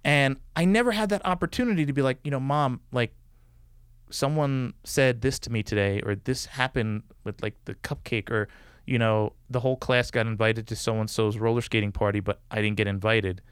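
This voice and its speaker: A man's voice: mid-range voice, moderate pace, smooth, dry recording, clean studio sound. A man telling a personal story in a casual podcast conversation. He talks loosely and fills his sentences with "like" and "you know". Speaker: guest.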